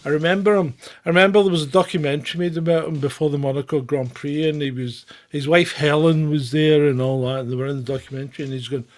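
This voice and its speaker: Middle-aged guy rambling on a stream, irreverent, chuckles a lot, voice sits a bit high. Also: steady tone, fast. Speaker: channel host. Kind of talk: casual livestream chat.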